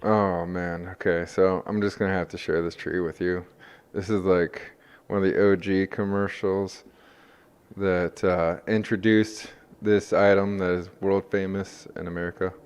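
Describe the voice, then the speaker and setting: A man hosting a podcast, chatting in a laid-back, halting way. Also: deep voice, flat delivery, clean tone. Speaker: podcast host. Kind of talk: casual chat.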